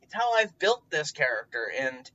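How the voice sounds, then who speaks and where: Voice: mid-range voice, sing-song, normal speed, pushed and bright. A tabletop player rambles through advice in a loose, chatty monologue, starting over mid-thought and leaning on fillers, with a curse word now and then. The voice sits back from the mic. The recording is muffled and a little lo-fi. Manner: rambling, many fillers and restarts, occasional swearing. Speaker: tabletop game player giving tips. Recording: dull distant recording.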